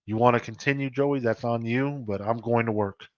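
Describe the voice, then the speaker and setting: A man's voice: medium pitch, steady tone, normal speed, no room sound, highs cut off. A man co-hosting a casual live-stream chat, joking and teasing with an easy laugh. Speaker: co-host.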